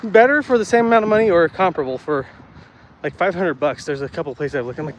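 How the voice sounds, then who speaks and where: A man's voice: fairly high pitch, fast talker. Chatty man walking and talking outdoors. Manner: chatty, rambling, easily worked up. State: slightly out of breath from walking uphill. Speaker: vlogger chatting with live viewers. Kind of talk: casual live walk-and-talk. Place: outdoors on city streets. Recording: faint street noise outdoors.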